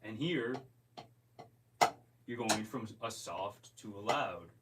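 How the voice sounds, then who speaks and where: A man teaching a drum lesson in a relaxed, step-by-step way, counting the beats aloud. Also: lowish voice, slow pace. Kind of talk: casual instructional talk. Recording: distant mic with loud clicking noise.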